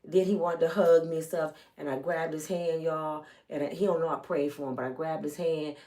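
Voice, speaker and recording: A middle-aged woman vlogging a personal story to her viewers, animated, swinging from loud to hushed and acting out the people she quotes. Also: deep voice, brisk.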